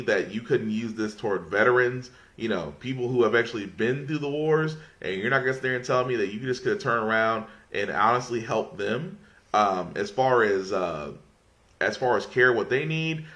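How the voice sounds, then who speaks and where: A man's voice: medium pitch, fairly bright tone. A man hosting a casual podcast, mocking his subject, rambling and restarting often as he fights off laughter. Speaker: podcast host.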